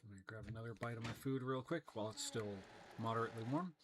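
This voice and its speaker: A man's voice: medium pitch, quick pace. A man casually commenting on his gameplay during a live stream, chatting with viewers and reading their messages aloud. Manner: relaxed, chatty, reads chat messages aloud. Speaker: gaming streamer.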